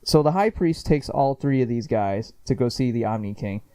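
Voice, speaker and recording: A man's voice: medium pitch, animated, normal speed, warm tone, no room sound. A man reviewing an anime episode in a chatty, casual way, with lots of fillers, swearing and laughs.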